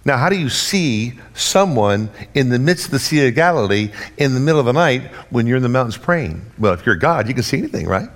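A man's voice: fairly quick, few pauses. A man preaching a sermon, teaching from scripture and acting out the disciples' cries with dramatic swings in his voice. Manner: animated, acts out the disciples' voices with big pitch swings.

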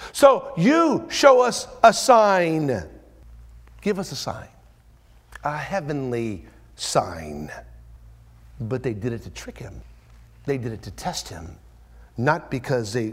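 Preacher swinging from whispers to shouts. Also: male voice, breathy edge. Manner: swings from hushed whispers to loud, high-pitched emphatic rises; acts out quoted voices with strong pitch jumps. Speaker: pastor. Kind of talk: expository sermon.

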